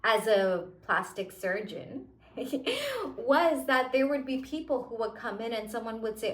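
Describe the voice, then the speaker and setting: A young woman with a fairly high voice talks straight to her viewers in a loose, chatty monologue. She keeps dropping "like" and "you know" as she goes. The room around her rings with a noticeable echo. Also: measured pace. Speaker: manifestation content creator. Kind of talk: casual motivational monologue. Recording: echoey room.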